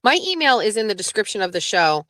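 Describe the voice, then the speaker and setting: A woman's voice: medium pitch, sing-song, fast talker, a bit bright, dry recording. Woman livestream host, casual and blunt, swears freely, dry close sound. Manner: blunt, profane, talks back to chat. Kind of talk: casual live-stream chat with viewers.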